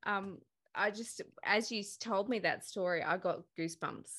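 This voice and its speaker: A woman's voice: mid-range voice, normal speed, fairly bright tone. A woman hosting a podcast, responding to her guest and asking a follow-up question. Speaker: podcast host. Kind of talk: interview.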